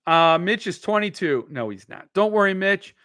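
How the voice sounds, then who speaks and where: A man's voice: high-pitched, animated, normal speed, pushed and bright, clear, resonant tone, dry recording, studio quality. A man hosting a casual book live stream, joking and rambling in a self-mocking way.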